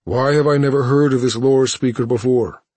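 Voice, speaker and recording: A male narrator voicing a calculating warlord in an audiobook, speaking calmly and deliberately with a husky tone. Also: mid-range voice, dry recording, close to an everyday voice.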